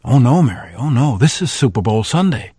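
A man's voice: medium pitch, big pitch swings, a little fast, warm tone, breathy edge, no room sound, clean studio sound, voice pushed down. Storybook dad, eager and insistent, a little lecturing, done by a male storyteller. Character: football-loving father, eager and insistent.

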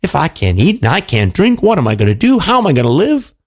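A man's voice: on the high side, wildly swooping pitch, fast, heavily acted. A man voicing a wailing, yelping storybook king. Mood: anguished. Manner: wailing, yelping in pain, dramatic. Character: greedy king in pain and despair, adult man.

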